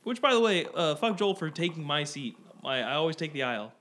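Quick-talking man telling animated stories. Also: on the high side. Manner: animated storyteller, swears, lots of likes. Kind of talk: casual chat.

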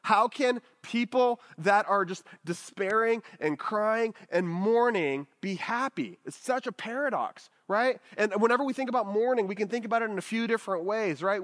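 A man preaching a sermon in a casual, conversational way, often checking in with his listeners with "right?". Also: sits high. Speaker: pastor.

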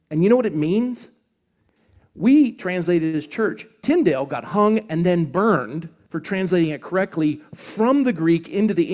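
A man from Scotland, a pastor, preaching at a live event in an animated storytelling way with quick asides. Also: on the high side, gravelly.

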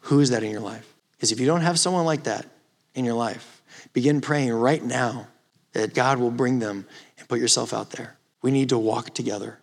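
A man preaching a youth ministry sermon, rising from quiet storytelling to impassioned, emphatic exhortation. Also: medium pitch, moderate pace. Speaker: youth pastor. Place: church or youth hall.

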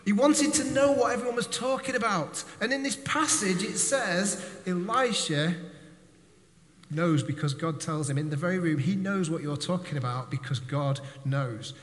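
Brief: male preacher with a bright, high voice, casual and joking, speaking to a congregation in a reverberant hall. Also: moderate pace. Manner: conversational, jokey, addresses the congregation directly. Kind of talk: sermon.

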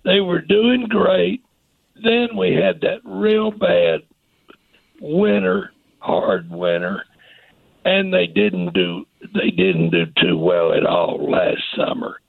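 A man calls in to a radio show with a badly hoarse, strained voice. He talks slowly and haltingly in a raspy, gravelly rasp, and his pitch leaps around. The sound is tinny and phone-like, dry and close. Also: big pitch swings, no echo. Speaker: caller. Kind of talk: call-in radio question.

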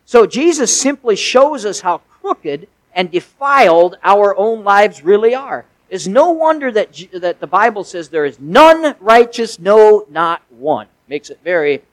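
Pastor, male, slightly higher voice, folksy conversational sermon that rises to emphatic peaks, dry sound. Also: no echo, low-quality recording. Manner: conversational preaching with folksy asides and emphatic swells.

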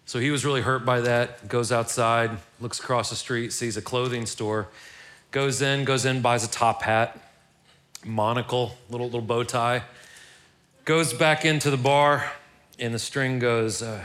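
A male pastor giving a sermon in a loose, conversational way, often stumbling over repeated words. His voice sits at an everyday middle pitch for a man. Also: fairly even intonation, unhurried, fairly bright tone.

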